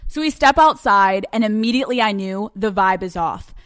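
A young woman hosting a podcast, telling a story in a casual, animated way with lots of swearing and laughter. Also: medium pitch, moderate pace, dry recording, clean studio sound. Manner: animated, profane, laughing often. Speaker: podcast host.

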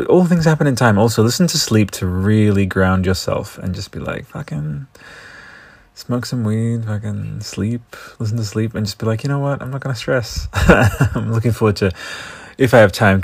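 An Australian man hosts his own podcast, rambling from one tangent to the next with excitable swearing. His voice sits a little low. It sounds dry and close, with no room around it. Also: gravelly, slightly rough, no echo. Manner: rambling, enthusiastic, swears often. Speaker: podcast host. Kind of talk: casual solo podcast riffing.

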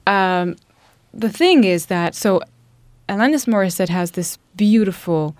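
A woman speaks slowly and thoughtfully in a casual podcast chat, often stopping to gather her words. Her voice sits at an ordinary pitch and sounds close and dry, with no room around it. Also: animated, darkish tone, no echo. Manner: halting, thoughtful, many fillers. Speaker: podcast co-host.

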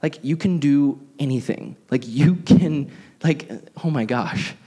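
A man's voice: medium pitch, a little slow, warm tone, breathy edge. A young man preaching a casual, conversational sermon, animatedly acting out the people in the passage. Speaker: pastor.

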